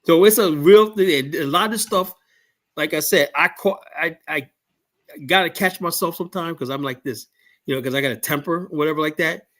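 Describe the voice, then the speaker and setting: A man's voice: fairly high pitch, moderate pace, a bit bright. A man from the United States, a podcast guest, talking bluntly and heatedly, swearing freely as he tells stories. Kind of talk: casual podcast debate.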